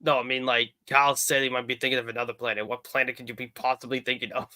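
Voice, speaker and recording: A man takes part as a contestant in a casual quiz on a stream, teasing the host as he guesses. His voice is bright and sharp, and it sits in the middle of the male range. The sound is dry and close. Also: mid-range voice, little pitch movement, fast, no room sound. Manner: joking, teasing.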